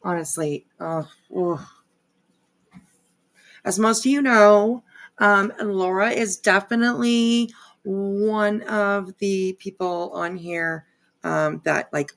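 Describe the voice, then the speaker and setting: A woman's voice: mid-range voice, creaky. A woman hosting a casual live stream, rambling with lots of fillers and frequent swearing. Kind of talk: casual livestream commentary.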